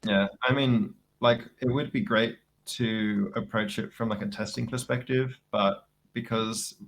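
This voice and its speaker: Low gravelly man, laid-back co-streamer. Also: a little slow, slight background noise. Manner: relaxed, laughs often, reads chat. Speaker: co-streaming guest programmer. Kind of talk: casual coding stream chat.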